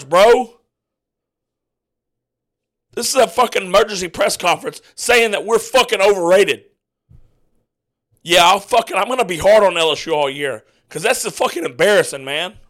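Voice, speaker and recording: A man ranting angrily as a sports fan podcaster, swearing constantly and breaking into yelled outbursts. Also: high-pitched. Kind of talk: angry profane rant while watching a game.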